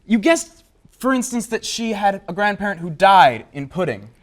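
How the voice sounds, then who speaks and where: A man's voice: high-pitched, big pitch swings, moderate pace. A man hosting a comedic talk show, announcing guests like a showman and getting sarcastic.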